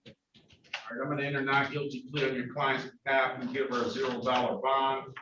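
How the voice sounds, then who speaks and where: A man working as a judge running court hearings, procedural and halting, with frequent fillers. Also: mid-range voice, flat delivery. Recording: distant, roomy, dull audio with loud noise.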